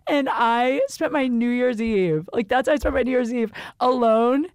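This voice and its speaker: A young woman with a slightly high voice tells a story on a podcast. She is frank and profane and keeps dropping fillers. The sound is dry and close to the mic. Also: moderate pace, clear, resonant tone, dry recording. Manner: candid, profane, animated storytelling with many fillers. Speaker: podcast host. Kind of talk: casual chat, storytelling.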